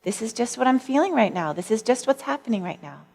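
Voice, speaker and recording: A woman giving a storytelling talk on mindfulness to an audience, gentle and warm, laughing easily as she speaks. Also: fairly high pitch, animated, fast talker, creaky. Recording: long hall reverb.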